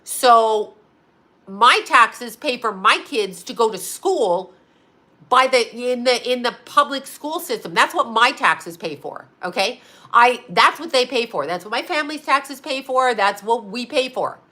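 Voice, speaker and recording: A middle-aged woman hosts a stream in a fired-up, profane monologue. She speaks with a slight lisp in a bright, forceful voice pitched a little high, and hammers her points by saying them again and again. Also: expressive, a little slow. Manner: blunt, profane, repeats herself for emphasis. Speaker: host. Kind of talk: ranting livestream monologue.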